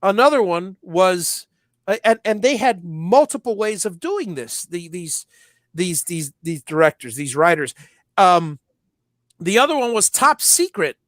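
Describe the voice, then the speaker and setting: Animated middle-aged man retelling jokes. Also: high-pitched, measured pace, dry recording, studio quality. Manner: animated storyteller, acts out movie lines, many restarts. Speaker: podcast co-host. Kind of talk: casual nostalgic chat.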